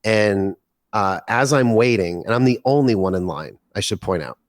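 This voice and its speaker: A man in his forties, a podcast guest, telling a long story with excitement, swearing casually and acting out what people said. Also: on the low side, moderate pace, dry recording, clean studio sound. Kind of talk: animated storytelling in casual chat.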